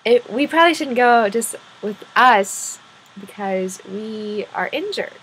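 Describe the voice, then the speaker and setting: A woman's voice: a little high, expressive, slow pace, a bit bright, slightly rough, heavily acted, low-quality recording. A woman voicing a drunk, hornless male unicorn who keeps apologizing and frets over what to do next. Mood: apologetic. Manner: apologetic, flustered.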